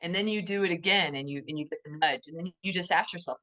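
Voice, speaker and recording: A low-pitched woman co-hosting a podcast, chatting casually. She is enthusiastic and animated and slips into little quoted voices to make her point. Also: fast talker. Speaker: podcast co-host. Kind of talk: casual conversation.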